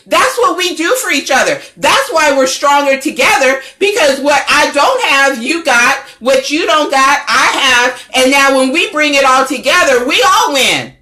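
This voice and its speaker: A woman's voice: sits high, lively intonation, normal speed, few pauses, pushed and bright. A middle-aged woman, a network founder and coach, giving a fervent, preachy livestream pep talk that repeats its phrases. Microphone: phone or webcam livestream.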